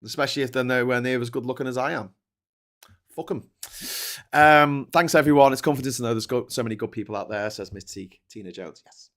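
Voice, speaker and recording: A man's voice: medium pitch, a little fast, fairly bright tone. A man hosting a livestream, reading viewer comments and ranting with heavy swearing and frequent laughter. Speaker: host. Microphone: desk microphone.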